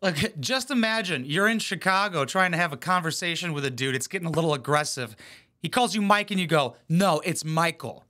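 A man's voice: fairly high pitch, animated, brisk, pushed and bright. A man hosting a reaction video, giving blunt, mocking commentary full of swearing. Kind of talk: profane sarcastic commentary.

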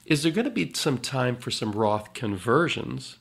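Gravelly-voiced male financial advisor. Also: mid-range voice, normal speed. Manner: relaxed, chuckling, fillers and explanations. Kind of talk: casual podcast chat.

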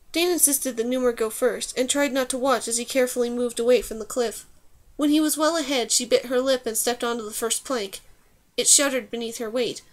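A woman reading a fantasy novel aloud as audiobook narrator, in an even, measured way. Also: on the high side. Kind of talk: scripted narration.

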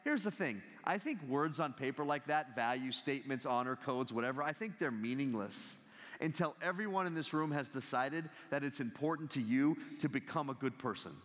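A man in his thirties giving a humorous talk as a guest speaker, telling stories in an animated way and laughing often. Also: mid-range voice, moderate pace. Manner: animated storytelling with frequent laughter. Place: large university lecture hall. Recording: long hall reverb.

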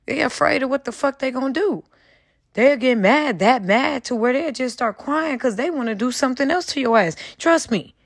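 A woman's voice: high-pitched, lively intonation, normal speed, no room sound, clean studio sound. Fired-up woman ranting to her viewers. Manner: angry, profane, talks straight to viewers. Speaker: commentary channel host. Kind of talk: heated casual commentary.

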